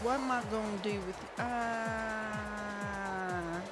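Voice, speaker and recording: A woman streaming a video game, rambling excitably with lots of fillers into a desk microphone at her computer. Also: medium pitch, slow, loud music behind the voice. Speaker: gaming streamer. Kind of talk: casual let's-play commentary. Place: at home at a computer.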